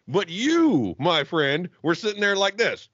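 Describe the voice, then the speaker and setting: A man's voice: sits high, big pitch swings, measured pace, fairly bright tone, dry recording, lo-fi sound. A man co-hosting a comedy podcast over a call, ranting in crude, mock-angry banter. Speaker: podcast co-host. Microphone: remote call mic.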